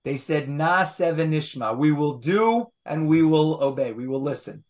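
With a fairly high, lively voice and an unhurried pace, a man leads an animated Torah study for a small group. He reads verses aloud and presses his listeners with rhetorical questions.

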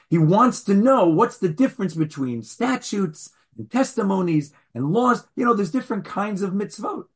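A man, a rabbi, teaching a class in an animated, conversational way with playful asides to his listeners. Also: high voice, husky. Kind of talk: conversational lecture.

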